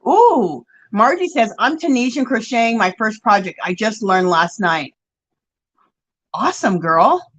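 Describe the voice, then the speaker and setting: A slightly high-voiced woman speaks unhurriedly while hosting a casual yarn-craft livestream, the recording low in quality. She reads comments aloud, greets viewers by name, and chats in an animated, gushing way.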